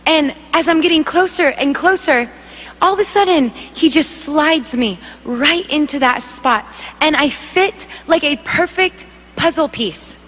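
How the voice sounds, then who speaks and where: A woman worship singer giving an emotional spoken testimony, telling it in an animated way and acting out the voices. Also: sits high. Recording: long hall reverb.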